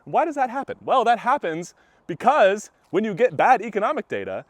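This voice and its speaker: A man's voice: high voice, fairly quick, no echo. Breathless man vlogging on a walk. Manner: chatty, animated, laughs often mid-sentence. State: out of breath while walking. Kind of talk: walking-and-talking vlog commentary. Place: outdoors on a walk.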